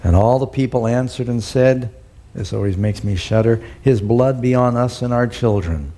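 A man's voice: moderate pace, warm tone. A middle-aged man preaching a sermon, reading scripture aloud and commenting on it, lifting his voice to act out the quoted speech. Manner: acts out the quoted lines with rising pitch and emphasis.

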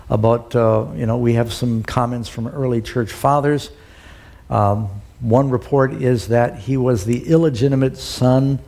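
A middle-aged man preaching a sermon, reading scripture aloud and commenting on it, lifting his voice to act out the quoted speech. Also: mellow. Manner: acts out the quoted lines with rising pitch and emphasis.

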